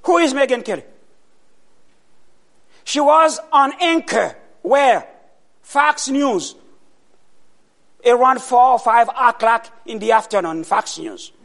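A man preaching a sermon, asking the congregation questions and answering them himself, with loud bursts of emphasis. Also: extremely high pitch, animated, slow pace, vocal fry, pauses often.

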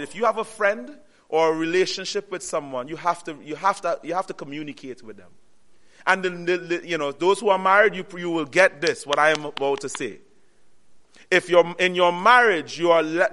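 A male preacher with a high, bright voice delivers an earnest sermon. He repeats his key phrases and uses call-and-response, stopping on "what?" so the congregation can complete the verse. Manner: call-and-response, pausing on "what?" for the audience to finish.

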